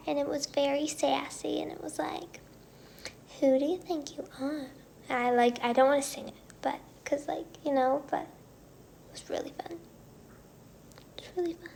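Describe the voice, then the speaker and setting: A woman hosting a casual livestream, chatting with viewers and often dropping into soft whispers. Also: sits high, vocal fry, slight background noise. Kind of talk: casual livestream chat reading viewer comments.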